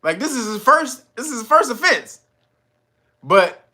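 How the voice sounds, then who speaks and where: A man reacts to a news story with incredulous, sarcastic commentary, laughing, swearing and mocking officials by mimicking them in sarcastic voices. His voice is very high-pitched, sing-song, pushed and bright, delivered at a measured pace with long pauses.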